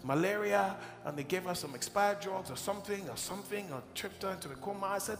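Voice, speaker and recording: A man from Nigeria tells an emotional testimony from the pulpit with a gravelly edge to his voice. His words ring through a large church hall. Music plays clearly behind him. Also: high voice, fast talker. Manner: emotional, animated storyteller. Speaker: preacher giving a testimony. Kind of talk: sermon storytelling.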